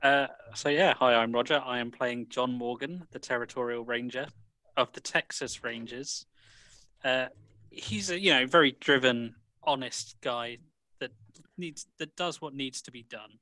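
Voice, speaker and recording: A man introducing his character at a tabletop game, hesitant and halting. His voice is bright and tense, and the sound is dry. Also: mid-range voice, no room sound. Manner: hesitant, with fillers. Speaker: player.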